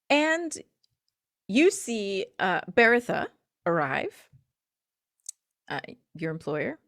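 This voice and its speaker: A woman narrating as game master of a tabletop role-playing game, animated, often laughing and using fillers. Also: on the low side, dry recording, clean studio sound.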